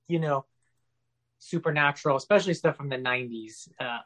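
A man chatting casually as a podcast guest, animated and profane as he riffs on movies. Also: mid-range voice.

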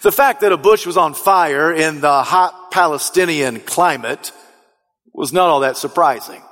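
A man's voice: on the high side, unhurried, faint music behind. Emphatic preaching man, reverberant sanctuary. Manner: emphatic, rising to shouts on key phrases. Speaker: pastor. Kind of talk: sermon. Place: church sanctuary. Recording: long hall reverb.

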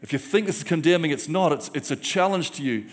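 A man's voice: on the high side, expressive, quick pace. A man preaching a sermon, rousing the congregation with repeated call-and-response phrases. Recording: long church hall reverb.

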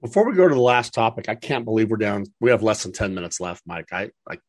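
A man's voice: lowish voice, big pitch swings, quick pace. A man hosting an interview podcast, reacting to his guest with affirming, enthusiastic comments. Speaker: podcast host.

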